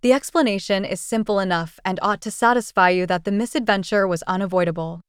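A brash, self-assured young gentleman, cool and self-justifying, as a woman reads his lines. The voice is smooth and clear at a mid pitch. It is dry and close. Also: quick pace, dry recording, lightly acted. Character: confident young man, frank and blustering.

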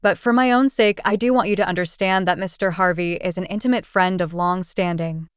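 A woman reading the part of a proud young society woman, agitated and pleading in a smooth, dry voice. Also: on the low side, fairly even intonation, a little fast, no echo, close to an everyday voice. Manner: agitated, pleading, then sharp.

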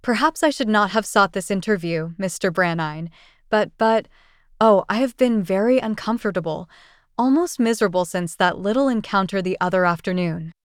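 A woman's voice: mid-range voice, normal speed, smooth, dry recording, clean studio sound, close to an everyday voice. A woman voicing a proud young society lady. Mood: pleading. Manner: agitated, pleading, then sharp.

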